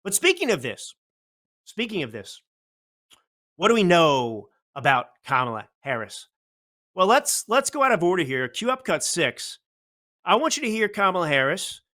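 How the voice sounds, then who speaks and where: A man hosts a political commentary talk show in a bright, forceful voice. He is blunt and combative. He fires off rhetorical questions. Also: high voice, sing-song, moderate pace, long pauses. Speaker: show host.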